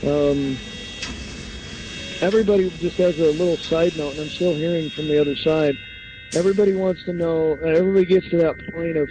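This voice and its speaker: A man's voice: a little high, steady tone, a little fast, noisy background. Hesitant man giving a psychic reading. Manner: hesitant, many fillers and restarts. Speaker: psychic medium on a call-in show. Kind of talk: call-in radio reading.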